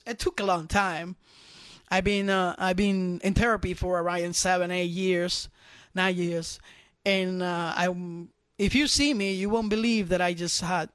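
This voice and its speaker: A man's voice: high voice, clean tone, no echo. Man giving a fervent testimony. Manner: animated, repetitive storytelling. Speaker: guest sharing a testimony. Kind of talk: emotional personal testimony.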